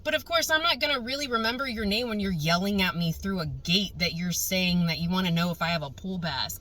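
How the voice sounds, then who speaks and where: A young woman tells a story to her camera in an animated, exasperated rant, dropping swear words as she goes. Her voice is bright and forceful. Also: lowish voice, fairly quick, few pauses, low-quality recording. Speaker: vlogger.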